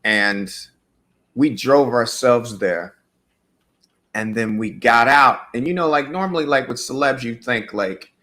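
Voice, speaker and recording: A man's voice: mid-range voice, measured pace, bright, forceful tone. A man, a musician guest, telling a loose, rambling story in a casual interview, with many fillers.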